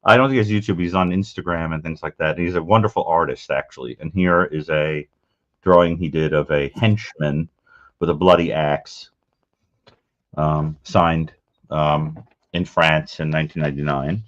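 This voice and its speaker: A man with a very low, deep voice talks through his collection of crime memorabilia in casual show-and-tell chat. He rambles in an unhurried, matter-of-fact way. The audio is muffled and lo-fi. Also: steady tone, fairly bright tone.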